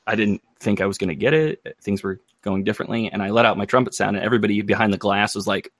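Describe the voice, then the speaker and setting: A man's voice: lowish voice, no room sound. An American man co-hosting a podcast in casual, rambling chat, often stopping to restart his sentences and joke. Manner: rambling, self-interrupting, quick to joke. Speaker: podcast co-host.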